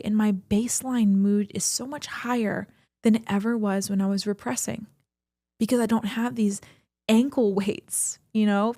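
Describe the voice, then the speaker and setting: Woman, podcast co-host, earnest and emphatic, gravelly fry, dry close sound. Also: mid-range voice, darkish tone, no room sound. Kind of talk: reflective personal talk.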